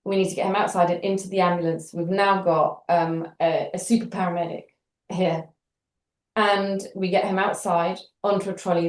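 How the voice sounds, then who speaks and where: A middle-aged British woman telling a story in an interview, animated and wry, acting out the dialogue as she goes. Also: on the low side. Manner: animated, acts out quoted dialogue with wry humour. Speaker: interview guest. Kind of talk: conversational storytelling. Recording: roomy echo.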